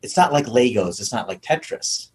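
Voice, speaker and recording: A man's voice: medium pitch, expressive, normal speed, a little hiss or hum. A man hosting a podcast interview, asking probing questions and thinking aloud with restarts. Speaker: podcast host. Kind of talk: conversational interview.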